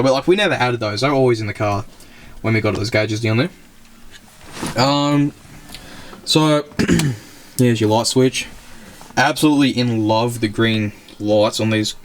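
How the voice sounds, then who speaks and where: A young Australian man, a car channel host, chatting casually and rambling as he shows off a classic car, filming from inside it on a handheld camera. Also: fairly low pitch. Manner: rambling and chatty, loses words, laughs often. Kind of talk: casual car walkaround vlog. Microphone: handheld camera mic.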